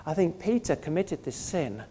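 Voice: mid-range voice, very animated, normal speed, dark tone, slight background noise. A pastor preaching a sermon in an earnest, conversational way, often asking the listeners questions.

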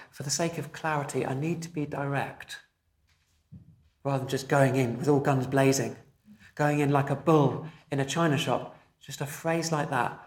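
A man, a pastor, preaching a sermon in a measured, emphatic way, slowing down to stress key phrases. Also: mid-range voice, reverberant.

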